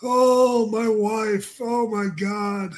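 An older man imitating a well-known wrestling manager as a whiny, self-pitying man in a high, wailing voice. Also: steady tone, very slow. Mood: mournful.

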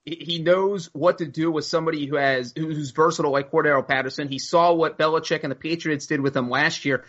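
A man's voice: a little high, fairly even intonation, fast talker, a bit bright. A man co-hosting a casual sports talk show, breaking down signings with numbers. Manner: analytical, citing stats. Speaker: sports podcast co-host. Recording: muffled lo-fi audio.

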